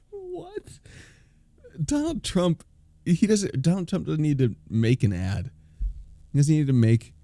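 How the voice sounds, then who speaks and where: A man's voice: mid-range voice, warm tone, no echo. A man live-streaming a reaction, incredulous, laughing often and swearing.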